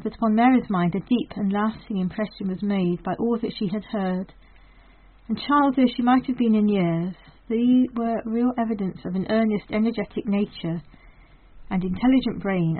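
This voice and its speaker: Brief: female audiobook reader, measured storytelling, tinny phone-like audio. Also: mid-range voice. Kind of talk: storybook narration. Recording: thin phone-like sound.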